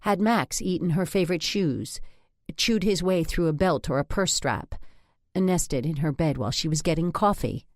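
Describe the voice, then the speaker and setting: A woman narrating an audiobook in the first person, in a wry and measured way. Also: lowish voice, no room sound, studio quality. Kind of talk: scripted narration.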